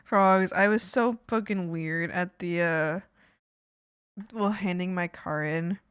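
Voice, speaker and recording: A woman's voice: fairly low pitch, slow, a bit bright, smooth, no echo, studio quality. A woman streamer chatting casually with her viewers while she draws, giggling often and teasing them playfully. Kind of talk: casual live-stream chat while drawing.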